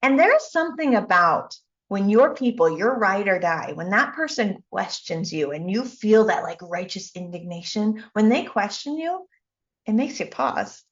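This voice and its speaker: A woman coach giving a motivational talk, telling a personal story with emphatic, animated delivery. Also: mid-range voice, normal speed, highs cut off. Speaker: life coach and speaker.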